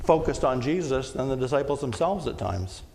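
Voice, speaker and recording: Lutheran pastor preaching in an echoing church. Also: male voice, mid-range voice, lively intonation, moderate pace, creaky. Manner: conversational preaching, acts out shouted quotes. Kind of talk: sermon. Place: church sanctuary. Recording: long church reverb, faint room noise.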